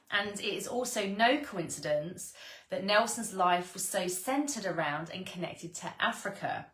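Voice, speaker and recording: A woman's voice: fairly low pitch, a bit bright, roomy sound. A woman reading her own spiritual book aloud in an earnest, gushing way, stopping for sighs and exclamations. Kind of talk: read-along of a spiritual book with personal asides.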